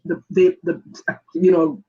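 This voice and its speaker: A woman sharing her personal story as a guest, halting, with many restarts and fillers. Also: fairly low pitch, level tone, slight background noise. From Jamaica. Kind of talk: personal testimony. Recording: dull lo-fi audio.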